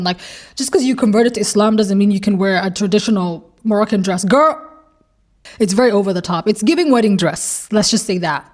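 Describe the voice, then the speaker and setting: A woman hosting a reaction video, ranting bluntly and heatedly as she comments on online posts, swearing freely. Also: medium pitch. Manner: animated, emphatic rants.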